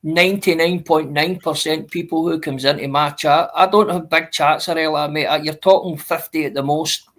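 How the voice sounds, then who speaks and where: A man's voice: a little high, steady tone, brisk, hardly any pauses, fairly bright tone. A man, a guest on a casual live-stream chat, earnest and swearing, calling people mate.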